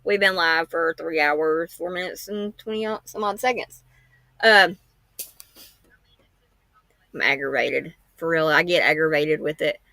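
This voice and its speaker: Gravelly woman, rambling live chat. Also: deep voice, measured pace, long pauses, bright, forceful tone, no room sound. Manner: rambling, frank, homespun. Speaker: true-crime livestream host. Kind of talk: casual livestream chat.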